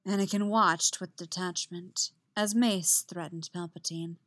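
A woman reading a story aloud, slow and soft-spoken, letting her phrases fall quiet at the ends. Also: lowish voice, fairly even intonation, big-room sound. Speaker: fan fiction reader. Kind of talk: storytelling narration.

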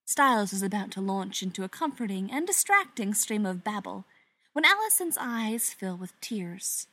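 A woman reading fan fiction aloud in an expressive, wry storytelling manner. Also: mid-range voice, normal speed. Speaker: reader.

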